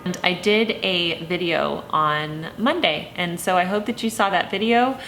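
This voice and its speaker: A woman in her thirties talking casually to camera as a lifestyle vlogger, gentle and chatty with many ums and you-knows. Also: fairly low pitch, a little slow, over music. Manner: tearful, emotional, laughing through tears.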